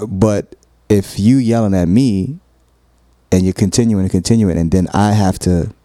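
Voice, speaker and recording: A man's voice: lowish voice, normal speed, dark tone, dry recording, studio quality. A man talking casually about relationships and explaining his view earnestly and at length. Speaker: podcast co-host.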